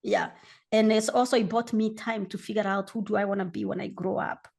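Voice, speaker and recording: A woman in her forties from Kenya, a guest candidly telling her own story in an interview and acting out the shouting in her quotes. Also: medium pitch, steady tone, a little fast, creaky.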